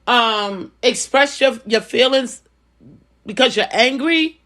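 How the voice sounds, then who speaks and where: A woman's voice: a little high, slow, fairly bright tone. A woman in a casual vlog, giving life advice in a conversational, preaching way and often repeating phrases. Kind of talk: casual personal talk.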